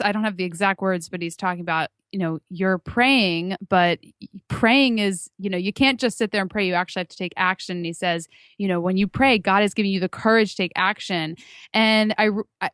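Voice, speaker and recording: A woman's voice: mid-range voice, a bit bright, clear, resonant tone, no echo, clean studio sound. A woman co-hosting a podcast, earnestly explaining her view in a casual fan discussion. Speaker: podcast co-host.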